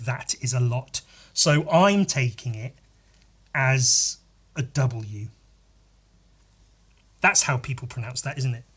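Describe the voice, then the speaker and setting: A man talks alone on his podcast in a loose, rambling way, swearing casually and poking fun at himself. His voice is husky, with a middling pitch. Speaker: podcast host. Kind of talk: casual solo monologue.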